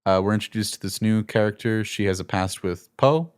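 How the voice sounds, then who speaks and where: A man chatting casually as a film reviewer, animated and jokey, slipping into quick impressions of characters. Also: lowish voice, clean tone. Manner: animated, jokey, slips into quoted character voices. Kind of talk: casual movie review chat.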